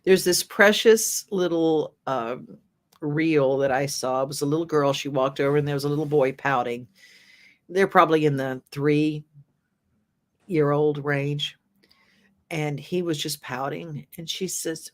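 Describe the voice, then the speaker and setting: A woman's voice: low voice, measured pace. Affirming woman talk-show host. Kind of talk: talk-show chat, reading viewer comments.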